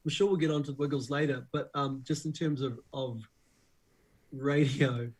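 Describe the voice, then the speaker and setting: A man's voice: medium pitch, normal speed, slightly rough, poor audio. A middle-aged man with a New Zealand accent, a radio breakfast host telling stories as a guest in a casual interview. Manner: animated storyteller who acts out quotes.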